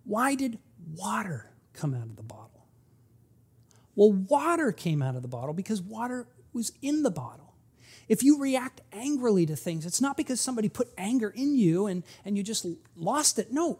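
A man preaching a sermon as pastor, speaking conversationally and swinging between quiet asides and loud, emphatic peaks. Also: high voice, sing-song, normal speed, slightly rough.

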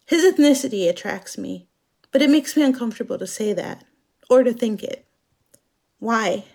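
A woman from Germany performing a scripted dramatic monologue as narrator, speaking in a slow, measured, introspective way. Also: fairly high pitch, animated, creaky, dark tone.

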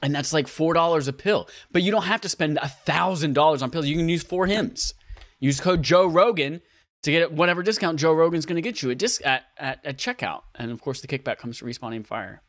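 Laughing podcast host with a lively voice. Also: male voice, fast, hardly any pauses, no echo, studio quality. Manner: goofy, bursts into laughter and high squeals. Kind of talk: comedic podcast banter, mock ad reads.

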